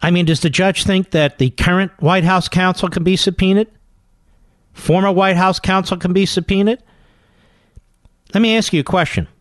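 A man hosting a talk radio show, delivering an emphatic, combative monologue and slowing down to hammer his points home. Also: sits high, steady tone, fairly bright tone, no room sound, studio quality.

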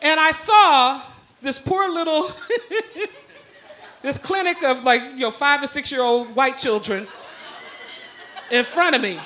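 A woman with a bright, ringing voice tells a comic personal story live on a club stage. She is lively and profane, laughing through her lines and shouting out the punchlines. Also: high-pitched, slow pace, pauses often, a faint crowd, a little hiss or hum. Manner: animated, profane, laughing while telling.

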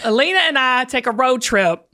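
Southern woman host, high bright voice, big swings, laughs a lot, chatty storyteller. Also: expressive, normal speed. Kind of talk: casual chat.

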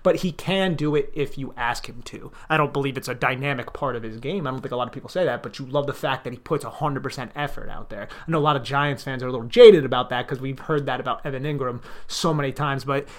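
A man's voice: medium pitch, quick pace, hardly any pauses. A man co-hosting a podcast, explaining his view in a casual, analytical way. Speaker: podcast co-host. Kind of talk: casual sports chat.

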